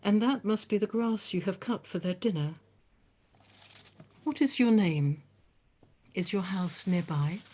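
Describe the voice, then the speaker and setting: A woman voicing a kind, gentle man, a forest hermit who speaks quietly and reassuringly. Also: medium pitch, animated, a little slow, long pauses.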